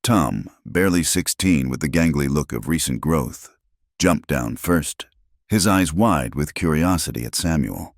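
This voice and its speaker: A man telling a western tale in slow, measured narration. His voice is extremely low and gravelly. The sound is close and dry. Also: animated, no echo. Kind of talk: scripted narration.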